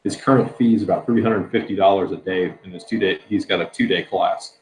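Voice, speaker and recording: Low-pitched man, casual host, laughs easily, roomy echo, faint noise. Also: fairly quick, darkish tone. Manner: laid-back, laughs often. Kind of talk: casual livestream chat. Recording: echoey room, faint noise.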